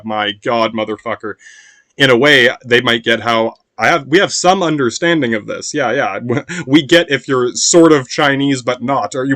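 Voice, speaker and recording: A man hosting a podcast, rambling in a casual monologue, swearing often and filling every pause with "yeah". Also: mid-range voice, a bit bright, dry recording. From United States. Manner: meandering, profane, constant "yeah" fillers. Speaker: podcast host.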